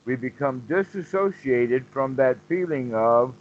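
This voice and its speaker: A man teaching meditation on a call, explaining slowly and repeating phrases as he goes. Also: medium pitch, narrow, tinny audio. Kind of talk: dharma talk on a call.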